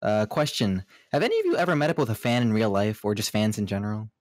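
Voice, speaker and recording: A man's voice: fairly low pitch, big pitch swings, fast, no echo, clean studio sound. A man co-hosting a podcast, talking casually and hesitantly, often restarting his sentences. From United States.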